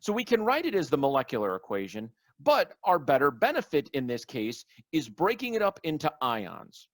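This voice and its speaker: A man's voice: fairly high pitch, wildly swooping pitch, moderate pace, no echo. A man giving a recorded online chemistry lecture, explaining step by step through exam examples.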